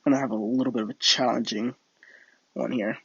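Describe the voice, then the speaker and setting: A man's voice: medium pitch, little pitch movement, brisk, a bit bright, slightly rough, no room sound, highs cut off. A young man streaming a flight game, telling a rambling made-up story and chatting with viewers, full of fillers and restarts. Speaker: livestream gamer. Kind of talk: casual live-stream chat and storytelling.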